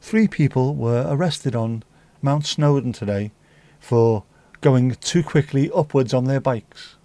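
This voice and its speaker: A man putting on a stiff male regional TV news presenter, reading slowly and formally. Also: medium pitch, warm tone, no room sound, lightly acted. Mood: mock-formal. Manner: slow, formal newsreader delivery.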